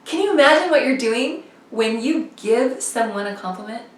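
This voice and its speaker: A woman in her thirties telling a personal story in a casual, animated way, full of "like" and "you know". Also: fairly high pitch, normal speed, echoey room, recorded from a distance. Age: 30s. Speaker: motivational vlogger.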